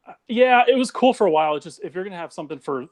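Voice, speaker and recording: A man's voice: high-pitched, animated, very fast, no echo. A young adult man calling into a live show, chatting frankly and swearing casually. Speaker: guest caller. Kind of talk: casual chat.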